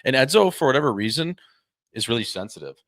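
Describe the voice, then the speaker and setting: A man co-hosting a hockey podcast, telling casual, animated stories about his pro career and swearing freely. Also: medium pitch, quick pace, no room sound, clean studio sound. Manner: animated anecdotes with quoted voices, swears freely. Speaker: podcast co-host, former pro hockey player. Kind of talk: casual chat, storytelling.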